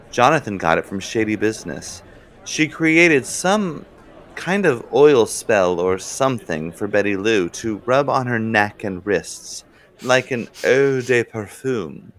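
A man narrating a comic story in a lively, playful way. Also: medium pitch.

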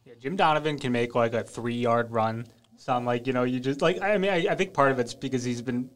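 A young man hosting a podcast, speaking in a smooth voice with a laid-back, rambling manner full of filler words. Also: medium pitch, fairly quick. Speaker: podcast host. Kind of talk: casual interview chat. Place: podcast studio.

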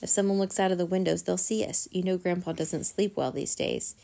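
A woman voicing a small, squeaky and fretful boy bat sidekick in a storybook read-aloud. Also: a little fast, gravelly, warm tone. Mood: urgent.

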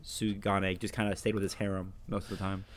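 Young man, quick talker, blunt, rambling casual chat. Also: low voice, little pitch movement, a little hiss or hum. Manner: fast, blunt, rambling with restarts. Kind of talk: casual anime review chat.

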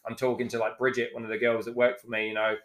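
A man's voice: mid-range voice, completely flat delivery, quick pace, fairly bright tone. A man in his forties, a chef and podcast guest, telling his story frankly and emotionally, swearing freely and acting out old conversations.

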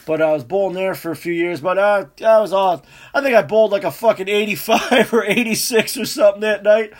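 A man telling a rambling, profane, animated story in casual chat. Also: high-pitched, a little fast.

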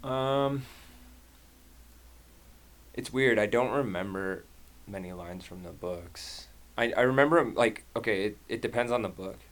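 A man in his twenties chatting casually on a podcast, playful and quick to laugh. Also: lowish voice. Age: 20s.

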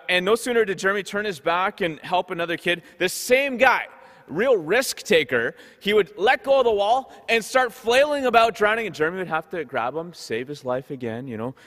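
A man's voice: fairly high pitch, lively intonation, moderate pace, a bit bright. A man, a parish pastor, giving a conversational Sunday sermon full of stories, often repeating words as he goes. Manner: storytelling, repeats words as he talks. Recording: long hall reverb.

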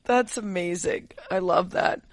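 A woman's voice: fairly low pitch, unhurried, no room sound. A woman hosting a podcast, chatting casually and asking long, thoughtful questions. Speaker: podcast host. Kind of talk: casual interview chat.

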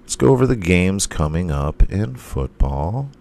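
Hoarse, slow, deep-voiced man. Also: big pitch swings, darkish tone. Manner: rambling, profane, self-interrupting. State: hoarse, losing his voice. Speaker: podcast host. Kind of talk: casual sports picks chat.

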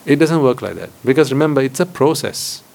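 Buddhist monk giving a questioning talk. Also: male voice, medium pitch, expressive, fairly quick, gravelly, a little mellow, a little hiss or hum. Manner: questioning, rhetorical, repeats phrases for emphasis. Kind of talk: dharma talk to lay audience. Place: hall with board.

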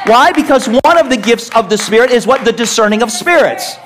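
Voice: mid-range voice, lively intonation, a little fast, over music. A pastor preaching a sermon to a congregation, emphatic and pressing them with questions. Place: church service.

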